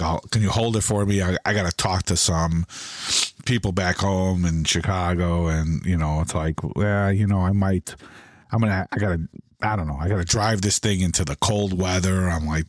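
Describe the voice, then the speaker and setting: A middle-aged man tells a rambling story in casual podcast chat, acting out what each person said. His voice sits very low. The sound is dry, with little room around it. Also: dry recording. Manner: animated storyteller who acts out both sides of conversations; loose, rambling delivery with many restarts.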